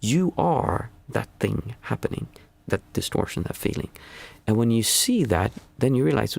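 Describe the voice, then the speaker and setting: A man giving a calm, musing spiritual talk as a meditation teacher, often restarting his sentences. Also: mid-range voice, moderate pace, vocal fry.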